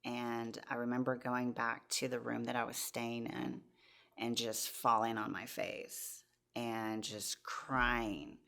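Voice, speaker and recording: A woman's voice: a bass voice, level tone, takes it slowly, vocal fry, a bit bright. A woman in her forties, a podcast guest, earnestly telling her personal testimony with many restarts.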